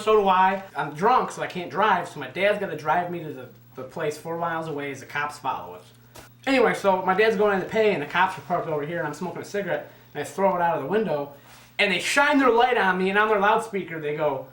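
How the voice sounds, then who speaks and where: The recording is echoey, and the man in it, in his twenties with a high-sitting voice, talks fast through a casual story, swearing a lot and acting out what people told him with plenty of animation.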